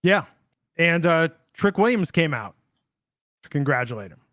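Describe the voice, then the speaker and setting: Male podcast co-host, a little high-pitched, upbeat, leads the rundown, dry close sound. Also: very animated, moderate pace, fairly bright tone, dry recording. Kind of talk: casual podcast chat.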